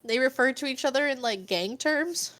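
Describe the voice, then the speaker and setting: A woman's voice: sits high, animated, moderate pace, fairly bright tone, dry recording. Curious woman reacting on a podcast. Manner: reactive, curious, laughs along. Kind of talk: casual podcast chat. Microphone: headset on a remote call.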